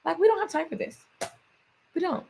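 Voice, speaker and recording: A woman's voice: very high-pitched, fairly quick, creaky, warm tone, a little hiss or hum. A woman vlogging in a casual, playful storytelling way, often laughing and slipping into voices for quotes. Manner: laughs often while talking. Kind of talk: casual storytelling and motivational talk.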